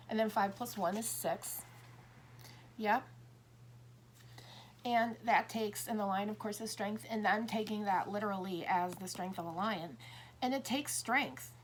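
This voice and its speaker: Woman, 50s, slightly high voice, chatty rambling delivery, acts out dialogue, light background hiss. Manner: rambling, self-interrupting, acts out little dialogues. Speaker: tarot reader. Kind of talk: casual monologue.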